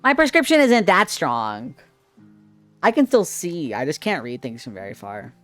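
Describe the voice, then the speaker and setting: Sassy animated male streamer. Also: fairly high pitch, moderate pace, soft background music. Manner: playful, sassy, sometimes screaming. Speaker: livestreamer reading chat. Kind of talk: casual stream chat. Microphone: headset.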